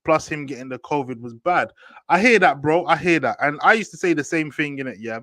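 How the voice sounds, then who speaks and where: A man's voice: on the high side, brisk, no echo. Young man host, slangy football banter, dry close sound. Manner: slangy, animated, repeats "do you get me". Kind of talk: casual football chat.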